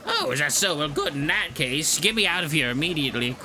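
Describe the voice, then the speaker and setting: A man's voice: fairly high pitch, expressive, fast talker, bright, forceful tone, slight background noise. A man voicing a cranky old female elder of a tiny creature tribe, scolding and bossy as he reads game dialogue aloud. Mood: demanding. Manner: scolding, lecturing.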